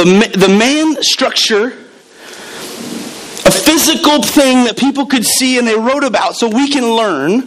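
A man's voice: high-pitched, fairly bright tone, low-quality recording. A man preaching a sermon as pastor, telling stories animatedly and repeating words as he builds up.

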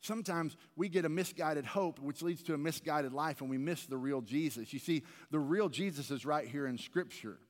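Male pastor, earnest chatty sermon delivery, slightly high voice, long church-hall reverb. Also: moderate pace, few pauses. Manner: earnest, conversational preaching with repeated restarts. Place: large church sanctuary.

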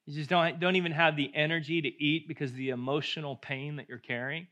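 A middle-aged male pastor preaching a sermon, moving from hushed, intimate passages to loud, slow, emphatic declarations. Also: fairly high pitch, fairly even intonation.

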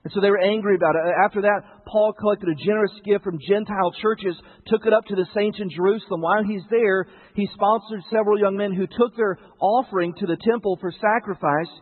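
A man's voice: high-pitched, fairly even intonation, brisk, few pauses. A man preaching a sermon in a conversational way, often asking his listeners rhetorical questions. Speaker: pastor. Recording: tinny narrow-band broadcast sound.

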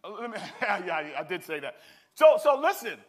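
A man pastor preaching an animated sermon with call-and-response. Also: high voice, moderate pace.

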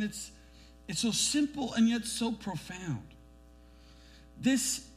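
A middle-aged man preaching a sermon as a pastor, animated, pushing his emphasis upward and acting out the voices he quotes. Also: sits high.

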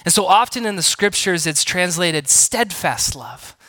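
A man preaching from the pulpit in a bright, somewhat high voice. He teaches in an engaging way, invites the congregation to join in and drops playful self-deprecating asides. The sound is dry and close. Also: lively intonation, unhurried, dry recording. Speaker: pastor. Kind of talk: sermon.

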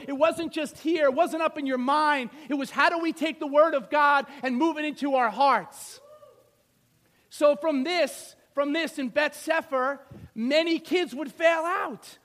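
A man in his thirties preaches with lively energy, firing rhetorical questions at his congregation. His voice sits very high for a man. He slips into short acted-out scenes while keeping a sermon's rhythm. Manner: animated, rhetorical questions, acts out biblical figures.

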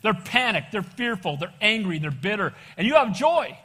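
A man pastor preaching a sermon, animated and casual, calling for amens and calling people "bro". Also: sits high, normal speed, slightly rough. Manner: casual slang, says "bro". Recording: long reverb of a church hall.

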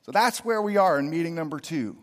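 Male pastor, middle-aged, very expressive pitch, slightly high voice, long hall reverb. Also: fairly quick. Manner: animated, swings from loud to hushed. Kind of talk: sermon.

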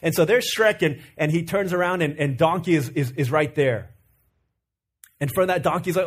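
A man's voice: fairly high pitch, moderate pace, slightly rough. A man preaching a sermon as pastor, telling a story and asking his listeners questions. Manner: storytelling, animated, asks the audience.

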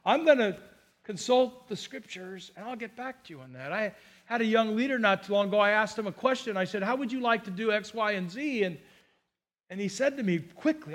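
A man's voice: high-pitched, lively intonation, brisk, a bit bright. A man from Southern California preaching as a pastor, earnest and emphatic, acting out quotes as he goes. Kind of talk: sermon.

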